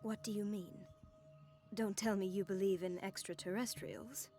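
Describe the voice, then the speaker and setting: A woman's voice: medium pitch, fairly even intonation, normal speed, mellow, soft background music, lightly acted. An actress playing a worried female nurse in video game dialogue, speaking in an anxious, questioning way. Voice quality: anxious and inquisitive.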